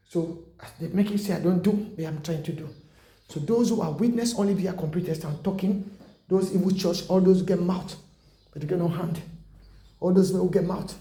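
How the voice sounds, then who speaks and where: High, gravelly man preaching. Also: dark tone, roomy sound. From Africa. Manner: impassioned, rambling, broken English. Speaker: self-styled preacher. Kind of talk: rambling exhortation. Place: indoors at home.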